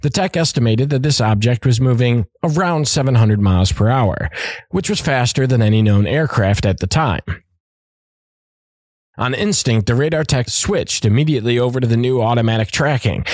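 A man's voice: medium pitch, darkish tone, dry recording, studio quality. A man hosting a podcast who reads out a story in a casual way, with asides and joking and some swearing. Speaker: podcast host.

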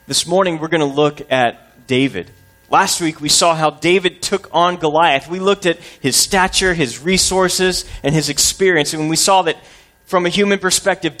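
A male pastor preaching a sermon, opening with a folksy story told in an animated way. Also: on the high side.

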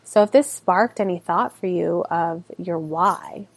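A woman's voice: fairly low pitch, a little slow, dry recording. A woman in her thirties hosting a solo podcast, talking earnestly and conversationally as a mother, with lots of "like" and "you know". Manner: earnest, conversational, heavy use of "like". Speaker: podcast host.

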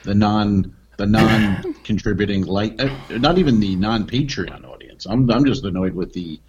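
A man's voice: lowish voice, normal speed, a little mellow, dull audio, slight background noise. A man co-hosting a casual comedy podcast, dropping dry, sarcastic quips. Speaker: podcast co-host.

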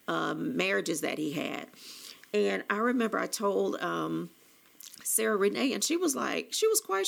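Gravelly-voiced woman telling a personal story. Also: mid-range voice, animated, unhurried. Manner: gossipy, with fillers and restarts.

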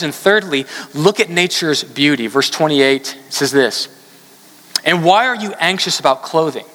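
Bright-voiced man preaching in a big hall. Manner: earnest, rises in pitch for emphasis. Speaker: pastor. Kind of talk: sermon.

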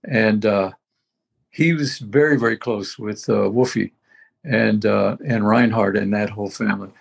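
A man's voice: fairly low pitch, fairly even intonation, a little slow, vocal fry, breathy edge. An older man talking casually as a veteran musician, rambling and reminiscing with many restarts. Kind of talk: casual conversation.

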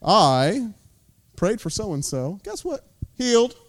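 A man's voice: high-pitched, very animated, slow, exaggerated voice. A pastor voicing a boastful, fake-pious man who brags about his miracles. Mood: smug.

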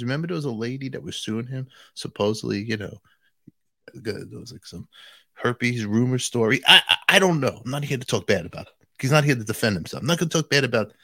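A man's voice: medium pitch, gravelly, no echo. A man hosting his own channel, talking straight to viewers in a jokey, chatty way. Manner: animated, jokey, addresses viewers directly. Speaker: channel host.

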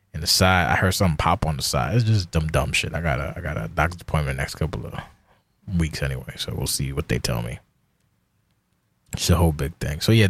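Deep-voiced man in his forties rambling. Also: dry recording. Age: 40s. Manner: rambling, profane, self-deprecating. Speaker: podcast host. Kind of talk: casual solo monologue.

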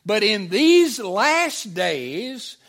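A middle-aged pastor preaches conversationally to his congregation, asking the room questions and repeating back their answers, with many restarts. His voice sits high with big pitch swings and a fairly bright tone, and he speaks extremely slowly.

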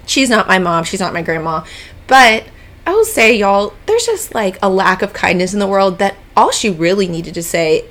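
A woman, telling a travel story in a casual podcast chat and often calling her listeners y'all. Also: on the low side. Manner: chatty, animated, addresses listeners as y'all. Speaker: podcast co-host.

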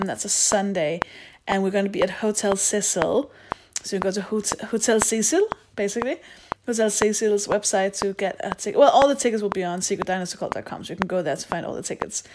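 A woman's voice: mid-range voice, noisy background. A woman hosting a podcast, reading out announcements in a playful, rambling, self-mocking way. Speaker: podcast host. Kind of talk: casual solo announcement.

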